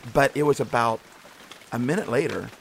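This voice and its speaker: A man's voice: mid-range voice, normal speed, gravelly, a little hiss or hum. A man hosting a podcast, giving a casual devotional talk in an earnest, encouraging way that rambles and restarts often. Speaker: podcast host.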